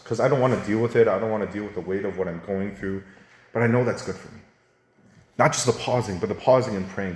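A man giving an earnest, conversational sermon as a pastor, with animated rises when he gets going. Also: lowish voice, roomy sound.

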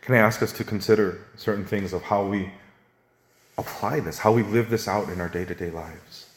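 A pastor with a lowish voice preaches a sermon earnestly and conversationally, speaking directly to the congregation at a normal speed. He builds into animated, higher stretches. The roomy sound suggests a sanctuary.

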